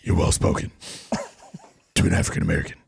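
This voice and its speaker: A man doing a comedic impression of a gruff, brooding male superhero vigilante, growled slowly with a deep, gravelly rasp. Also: slight background noise, lightly acted. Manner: slow growling deadpan delivery. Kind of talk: comedic impression in a podcast game.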